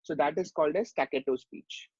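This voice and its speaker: A man's voice: on the high side, fairly quick, no room sound, muffled recording. A man giving a medical lecture, explaining step by step and asking rhetorical questions.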